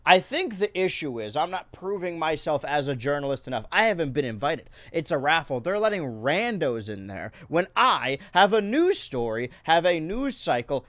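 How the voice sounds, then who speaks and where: A young man hosting a joke news show, with a jokey, excitable mock-newscaster delivery. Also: on the high side, moderate pace, hardly any pauses, no room sound. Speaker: host.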